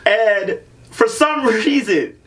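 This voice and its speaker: A man's voice: high voice, expressive, very slow, fairly bright tone, far from the mic. A man hosting a podcast, joking and riffing in casual banter with his co-host.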